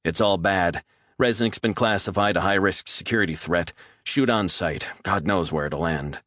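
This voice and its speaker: A man's voice: low-pitched, normal speed, a bit bright, no room sound, studio quality. A man voicing a weary male FBI colleague who delivers bad news in a grim, matter-of-fact way.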